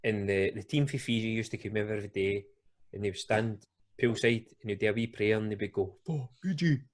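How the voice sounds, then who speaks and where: A man's voice: lowish voice, little pitch movement, fairly quick. Glaswegian man telling a story. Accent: Glaswegian Scottish. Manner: chatty, laughs often, colloquial. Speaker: podcast host. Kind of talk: casual podcast chat, storytelling.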